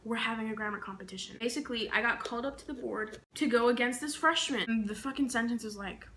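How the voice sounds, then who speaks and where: Bright-voiced young woman telling stories. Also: medium pitch, brisk, slight background noise. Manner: animated, slangy, acts out quotes. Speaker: beauty vlogger. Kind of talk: casual storytelling while carving a pumpkin.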